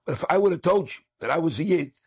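A man voicing a gravelly, stern smuggler. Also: a little high, expressive, fast, heavily acted. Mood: tearful confiding. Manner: threatening, later choked up. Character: stern male smuggler, secretly kind.

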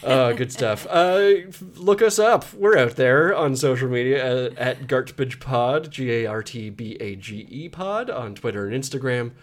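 A man's voice: medium pitch, measured pace, hardly any pauses. Guy co-hosting a podcast, voice bouncing up and down, laughs a lot, casual wrap-up chat. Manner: laughs often, lively sign-off. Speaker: podcast co-host.

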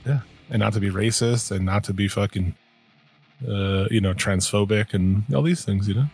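A man's voice: on the low side, normal speed, darkish tone, husky, faint music behind. A man co-hosting a podcast, chatting loosely with lots of swearing, rambling and trailing off mid-thought. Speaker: podcast co-host. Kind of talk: casual profane chat.

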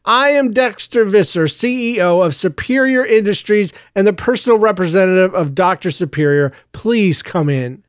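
A man voicing a grand, smiling male company chief who booms his welcome across a room in a storybook reading. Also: lively intonation, normal speed, few pauses, clean tone, dry recording, clean studio sound. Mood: welcoming. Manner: booming and welcoming.

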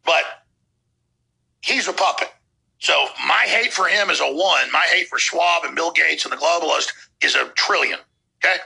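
A man's voice: a little high, creaky, sharp tone, breathy edge, rough recording. A man hosting a show, delivering heated, sarcastic commentary between played clips. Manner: heated, sarcastic, rapid rants. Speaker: show host.

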